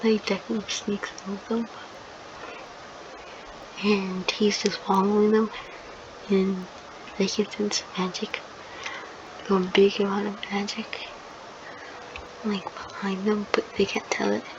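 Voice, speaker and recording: A woman's voice: medium pitch, measured pace, pauses often. A woman hosting her channel, improvising a fan-fiction story in a rambling, hesitant way as she searches for words. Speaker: channel host. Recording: dull lo-fi recording with steady noise.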